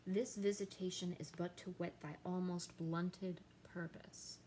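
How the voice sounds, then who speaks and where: A woman's voice: on the low side, little pitch movement, unhurried, warm tone, slight background noise, lightly acted, rough recording. A woman reading the lines of a dead king's ghost, solemn and commanding. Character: stern ghost of a dead king. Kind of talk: dramatic reading of verse.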